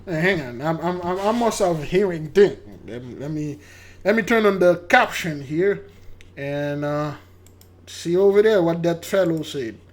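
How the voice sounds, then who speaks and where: Older male host, somewhat high-pitched; stumbles and repeats himself in casual commentary. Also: lively intonation, unhurried. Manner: rambling, stammering, repeats words, laughs at himself. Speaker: channel host. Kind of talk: casual commentary on a news clip.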